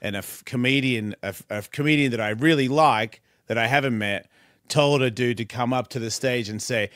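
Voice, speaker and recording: A man's voice: mid-range voice, a little fast, fairly bright tone, no room sound, clean studio sound. A man, a podcast host, telling an earnest, self-mocking story in casual chat.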